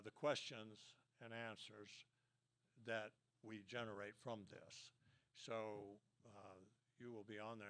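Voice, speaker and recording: Older american man, folksy storyteller, rambling, lots of fillers, lowish voice. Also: a bit bright. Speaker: speaker telling war stories to an audience. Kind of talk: casual storytelling talk.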